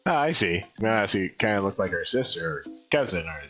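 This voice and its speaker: A man's voice: low voice, animated, a little fast, pushed and bright, faint music behind. A man reading the lines of a curious, polite young female dinosaur traveler from a game on a live stream. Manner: polite and inquisitive, plainly read.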